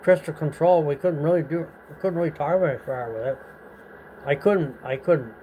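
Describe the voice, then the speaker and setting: A man's voice: a little high, normal speed, warm tone, slight background noise, poor audio. Rambling older man telling an old story. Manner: rambling, profane, acts out quoted voices. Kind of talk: casual storytelling.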